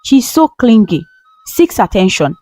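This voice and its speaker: A woman's voice: medium pitch, big pitch swings, unhurried, mellow, no room sound, faint music behind. A woman voicing a flustered, impatient young man who runs a company, in a storybook reading. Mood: exasperated. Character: young male boss, easily stressed.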